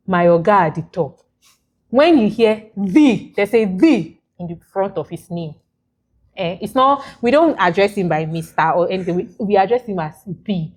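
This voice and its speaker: A woman's voice: lowish voice, moderate pace. A Nigerian woman hosting a podcast, introducing her guest in a playful, emphatic way and repeating words for emphasis. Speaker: podcast host.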